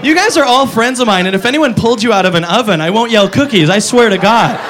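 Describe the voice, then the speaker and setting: A man doing a profane stand-up comedy routine, animated and mimicking voices. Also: high-pitched, fast, a little hiss or hum.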